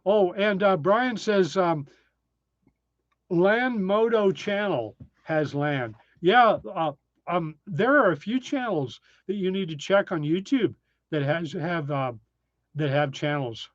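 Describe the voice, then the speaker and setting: A man hosting a relaxed live stream, talking through viewer comments with frequent ums and uhs. His voice sits slightly high, and the sound is dry and a little dull, like home stream audio. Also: slow, dry recording. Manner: chatty, reads viewer names, frequent ums. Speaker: live-stream host reading chat. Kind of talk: casual live-stream chat. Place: tiny desert cabin, indoors.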